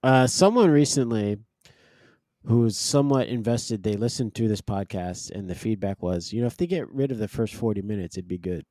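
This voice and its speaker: A man's voice: fairly low pitch, brisk, mellow, dry recording. A man co-hosting a podcast in casual chat, often laughing through his stories. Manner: laughs while telling stories. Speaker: podcast co-host.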